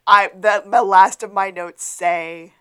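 A woman's voice: medium pitch, takes it slowly, smooth. A woman co-hosting a podcast, recapping a TV episode in casual chat and acting out the characters' lines. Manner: animated retelling, acting out quotes. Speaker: podcast co-host.

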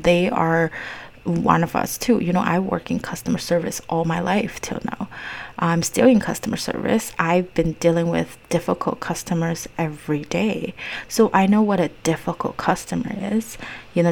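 A woman with a Mandarin accent, a native Mandarin speaker, telling a personal story to her viewers in an earnest, reflective way and sometimes dropping into soft, near-whispered asides. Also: fairly low pitch, creaky. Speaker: vlogger.

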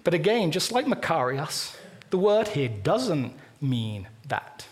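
A man preaching a sermon in a church, talking in a conversational, animated way and acting out little quoted lines. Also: fairly high pitch, takes it slowly. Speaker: pastor. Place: church auditorium.

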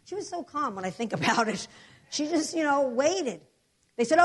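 A woman preacher telling a testimony in an animated storytelling manner, acting out the other voices. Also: mid-range voice, moderate pace. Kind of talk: sermon testimony.

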